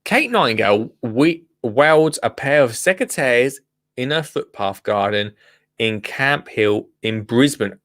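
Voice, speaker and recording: A man's voice: medium pitch, lively intonation, measured pace, a bit bright, no echo, clean studio sound. A man hosting a gardening show, chatting casually through the news with rambling asides. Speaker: gardening podcast host. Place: radio studio.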